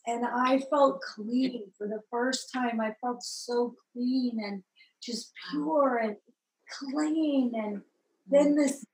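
A woman from Southern California telling her conversion story in a lively, expressive way, acting out the people she met. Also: a little high, echoey room, rough recording. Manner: lively, acts out voices in the story, rises to excited peaks. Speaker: guest telling her testimony. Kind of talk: animated personal storytelling.

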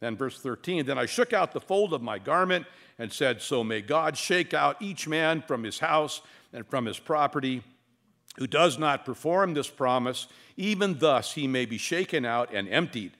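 A male pastor delivering an expository sermon. His pitch rises and falls widely as he reads and explains scripture. He slips in wry humor and leans on dramatic pauses. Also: animated, a bit bright.

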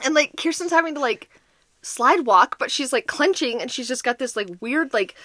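A young woman co-hosting a podcast, telling a story in a playful way and imitating her partner with high squeals. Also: expressive, moderate pace, bright, forceful tone, dry recording. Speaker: podcast co-host. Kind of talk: casual storytelling chat.

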